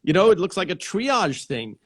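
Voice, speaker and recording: Rambling, high-voiced male host. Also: very animated, moderate pace. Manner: rambling, restarts sentences, repeats "yes" and "yeah". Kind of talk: casual live interview chat.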